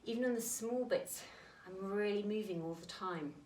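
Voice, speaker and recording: A British woman leads little children through a dance class, a touch out of breath and gently encouraging. She sounds set back from the microphone in a roomy space, with a faint hum underneath. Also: mid-range voice, normal speed. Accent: British English. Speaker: dance teacher. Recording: roomy sound, mic at a distance.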